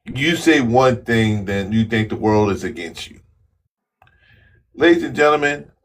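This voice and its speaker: A man's voice: on the low side, expressive, normal speed. A man joining a live-stream panel as a guest, speaking in a laid-back, casual way.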